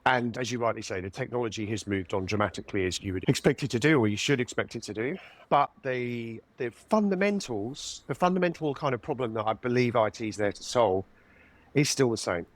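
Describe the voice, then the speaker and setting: A man in his fifties, a guest consultant on a podcast interview, explaining in a measured, methodical way. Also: medium pitch, lively intonation. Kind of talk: interview conversation.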